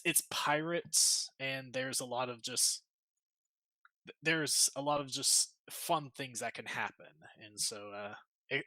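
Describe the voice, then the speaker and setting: Casting: male game master, bright, forward voice, dry close sound, stop-start chatter. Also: mid-range voice, no echo. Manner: halting, repeats words, playful. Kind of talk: casual livestream chat.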